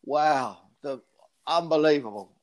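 Animated storytelling British man. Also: a little high, a little slow. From United Kingdom. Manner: animated storyteller with frequent restarts. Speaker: guest, former pro boxer and speaker. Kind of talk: casual interview storytelling.

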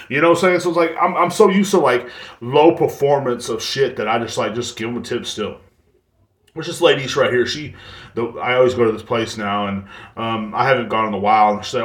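A man's voice: medium pitch, lively intonation, brisk, a bit bright. A man hosting a solo podcast, ranting bluntly and profanely with lots of fillers and restarts. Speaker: podcast host. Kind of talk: solo rant, casual monologue. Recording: echoey room.

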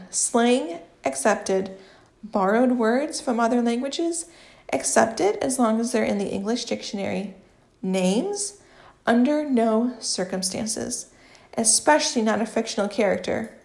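A woman voicing an indignant, theatrical young man who gets worked up and speaks in slow, emphatic bursts. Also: a little high, vocal fry, a little mellow. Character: indignant dramatic young man, easily outraged.

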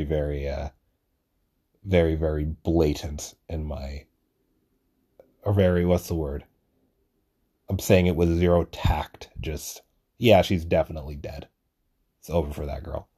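Unhurried and pausing often, a young man speaks in a warm, slightly rough bass with a steady tone. As a podcast host he rambles casually on his own, swears plenty and jokes about himself.

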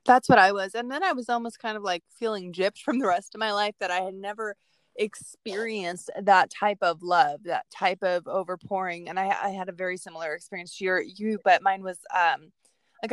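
Woman host, mid-pitched voice, enthusiastic, dry close recording. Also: dry recording. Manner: enthusiastic, agreeable. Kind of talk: casual podcast conversation.

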